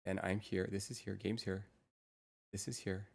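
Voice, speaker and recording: A woman's voice: a bass voice, little pitch movement, moderate pace, gravelly, breathy edge. A woman streamer chatting casually with her viewers through a real-time AI voice changer, muttering to herself while she sets up her screens. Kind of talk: casual live-stream chat.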